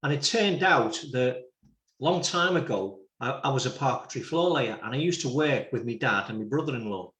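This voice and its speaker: Liverpool host and reverend, mid-pitched man, easygoing anecdotes, recorded in a roomy echo. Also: lively intonation, normal speed, a bit bright. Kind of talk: casual chat.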